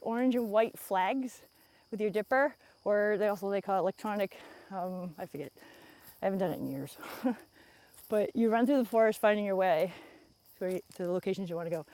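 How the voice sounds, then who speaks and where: A female vlogger with a mid-range, somewhat dark voice walks through the woods while livestreaming on a phone held out in front of her. She chats casually with her viewers, rambling and laughing often.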